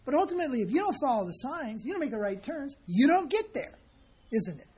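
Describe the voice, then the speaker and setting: With an extremely high, husky, darkish voice that swings widely in pitch, a man talks fast as a spiritual teacher in an informal sermon. He's conversational and emphatic, acting out the people he quotes.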